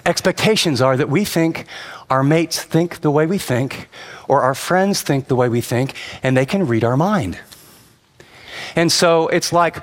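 Animated male pastor, reverberant hall. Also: fairly high pitch, unhurried. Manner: animated, voices quoted people, swings from soft to emphatic. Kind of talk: sermon.

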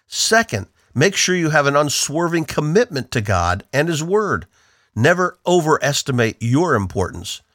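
A man's voice: medium pitch, a bit bright, no room sound, clean studio sound. A man from the northeastern United States giving an earnest, emphatic devotional Bible teaching on the radio.

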